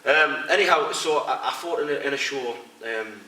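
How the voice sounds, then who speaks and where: A man's voice: mid-range voice, moderate pace. Blunt storytelling man in echoey room. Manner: blunt, animated anecdote-telling with quoted voices. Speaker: interviewee, retired fighter and coach. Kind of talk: casual storytelling interview. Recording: echoey room, distant mic, faint noise.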